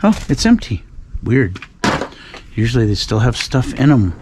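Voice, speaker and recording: Casting note: man, mid-pitched, dry sarcastic vlogger rambling outside at night, steady background noise. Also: normal speed. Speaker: dumpster-diving vlogger. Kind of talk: casual night vlog narration. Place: outdoors at night by dumpsters. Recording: outdoor recording with clear background noise.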